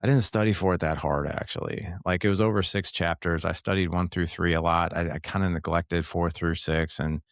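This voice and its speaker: A man's voice: low-pitched, fairly even intonation, a little fast, few pauses, no echo, clean studio sound. A man voicing his sheepish teenage son, hesitant and trailing off as he admits a bad test.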